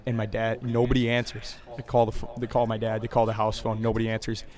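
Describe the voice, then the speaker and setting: A man's voice: fairly low pitch, monotone, fast, darkish tone. Easygoing young man telling a story. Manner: laid-back, laughing while telling the story. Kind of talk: casual storytelling.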